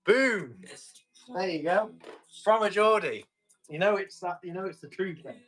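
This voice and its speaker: A man's voice: high-pitched, measured pace, a bit bright, faint music behind. A man running a live tool auction, chatty and jokey with viewers. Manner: chatty, jokey salesman patter.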